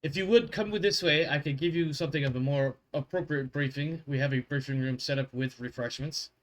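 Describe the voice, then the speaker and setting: A man's voice: on the high side, brisk, lightly acted. A man voicing a tired male garrison commander who speaks formally and deferentially to a lord. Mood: dutiful.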